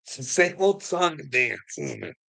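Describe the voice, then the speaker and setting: A man's voice: on the high side, very animated, normal speed, vocal fry, pushed and bright. A man ranting profanely at someone, mocking and angry, with laughs between lines. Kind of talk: ranting livestream talk.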